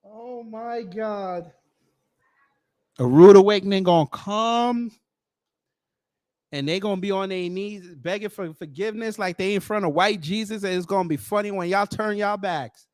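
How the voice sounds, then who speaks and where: A man hosting a commentary show, reacting in a mocking, slangy and animated way. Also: high-pitched, normal speed, no echo.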